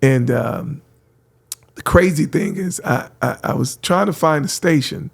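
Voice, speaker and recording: A middle-aged man from San Francisco, a radio host telling lively stories, acting out voices and laughing often. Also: on the high side, unhurried, creaky. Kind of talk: animated storytelling.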